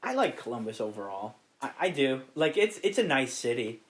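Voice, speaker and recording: A relaxed man from Ohio talks as a podcast guest, easygoing and loose with his language. His voice sits at an ordinary middle pitch, and he laughs often between his points. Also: fairly quick. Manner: laid-back, swears freely, laughs often. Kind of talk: casual chat.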